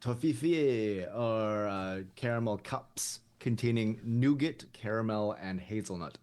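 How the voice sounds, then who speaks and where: Curious man with a low voice. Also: a little slow, a little mellow. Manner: curious, chatty, asks follow-up questions. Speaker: podcast co-host. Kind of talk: casual chat.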